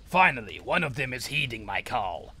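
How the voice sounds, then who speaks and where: A man's voice: mid-range voice, sing-song, moderate pace, sharp tone, slightly rough. Profane ranting man gaming. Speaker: gamer. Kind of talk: let's play commentary.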